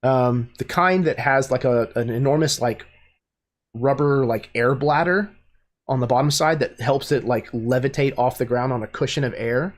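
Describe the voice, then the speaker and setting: A man's voice: medium pitch, normal speed. A man narrating as game master of a tabletop game, full of fillers and restarts. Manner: hesitant, many fillers.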